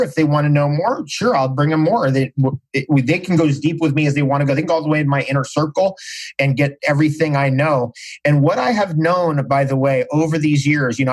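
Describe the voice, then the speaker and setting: Husky emphatic man, slightly high voice. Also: poor audio. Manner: emphatic, repeats phrases for stress. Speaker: podcast guest. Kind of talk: casual interview talk.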